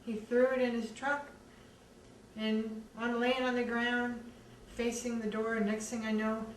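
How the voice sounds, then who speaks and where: A woman speaks slowly and earnestly, pausing often as she recounts her own experience. The mic sits some way off in a reverberant room, and a faint hiss of background noise runs beneath her voice. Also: on the high side, flat delivery, distant mic. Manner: earnest, measured recounting with many pauses. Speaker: survivor telling her own story. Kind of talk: personal testimony.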